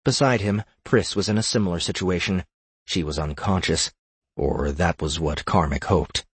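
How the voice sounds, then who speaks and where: A man narrating a fantasy audiobook in a measured, steady storytelling manner. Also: sits low, husky, no room sound.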